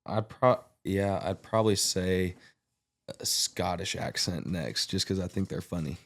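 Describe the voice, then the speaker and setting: A man's voice: deep voice, measured pace. A young man co-hosting a casual podcast, joking and laughing a lot. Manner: jokey, laughs often. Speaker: podcast co-host. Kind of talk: casual chat.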